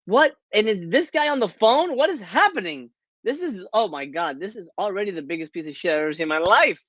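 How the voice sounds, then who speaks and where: A man's voice: high voice, expressive, fairly quick, a bit bright, dry recording, lo-fi sound. A man hosting a live stream, reacting to a bad movie with incredulous, profane commentary and frequent laughter.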